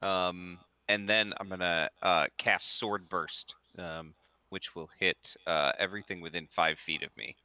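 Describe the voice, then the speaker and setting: A man's voice: low-pitched, steady tone, a little slow, bright, forceful tone, smooth, muffled recording. A man playing in a tabletop game, talking hesitantly with many fillers. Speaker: player. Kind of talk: tabletop game play, casual chat.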